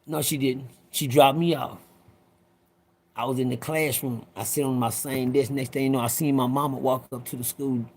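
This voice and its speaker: A man's voice: medium pitch, gravelly, a little mellow, husky. A man in his fifties telling a personal story in a rambling, profane way, talking straight to his listeners. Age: 50s.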